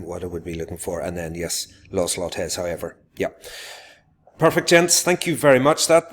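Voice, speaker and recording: Deep-voiced male teacher. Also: a little hiss or hum. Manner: explains to viewers, then calls out warmly to pupils. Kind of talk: live classroom demonstration.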